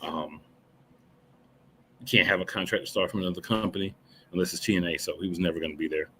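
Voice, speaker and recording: A man's voice: low voice, fast, fairly bright tone, a little hiss or hum. A man co-hosting a casual wrestling podcast, blunt and dry with a sarcastic edge. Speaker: podcast co-host.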